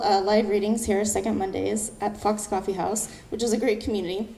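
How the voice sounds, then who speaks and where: A young woman poet giving a lively talk to a live audience, acting out what others said and reading her own poem. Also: medium pitch. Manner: animated, fast-talking, acts out quoted voices. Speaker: poet and speaker.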